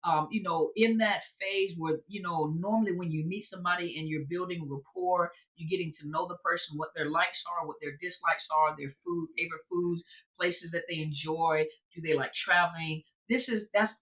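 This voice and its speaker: A woman's voice: fairly low pitch, steady tone, moderate pace, a bit bright. A woman therapist and recovery coach giving an informal teaching talk, conversational and repeating phrases for emphasis.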